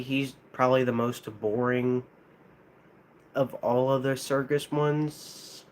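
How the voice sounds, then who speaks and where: A man with a lisp, chatting casually on a live stream, hesitant and halting, with frequent restarts. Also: mid-range voice, a little hiss or hum. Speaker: streamer ranking plush toys.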